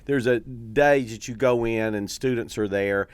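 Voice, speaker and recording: A man's voice: medium pitch, unhurried, clean tone, no echo. A man hosting a casual interview who teaches comedy, reflecting on his craft and explaining ideas step by step.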